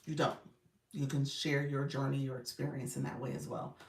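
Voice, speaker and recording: A woman's voice: a bass voice, flat delivery, normal speed, distant mic. A woman coach, hosting a casual live stream, reading viewer comments and laughing often as she calls out to "y'all". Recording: echoey room, voice a bit off-mic.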